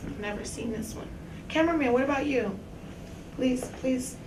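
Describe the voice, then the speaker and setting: A woman's voice: sits high, moderate pace. Chatty woman hosting in an echoey cafe. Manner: chatty, hospitable, laughs easily. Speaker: talk show host. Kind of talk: casual chat. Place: small cafe. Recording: echoey cafe room, distant mic, background noise.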